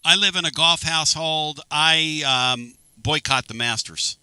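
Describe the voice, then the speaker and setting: A man's voice: fairly high pitch, pushed and bright, clean tone, dry recording. A man hosting a talk radio show, joking and bantering loosely with guests. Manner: loose, jokey, fast back-and-forth.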